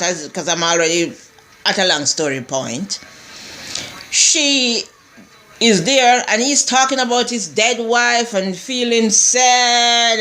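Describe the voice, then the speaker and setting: A woman's voice: on the high side, sharp tone. Rambling woman recapping a TV episode. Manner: rambling, digressive, with many restarts and asides. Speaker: TV show reviewer. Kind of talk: casual episode recap chat.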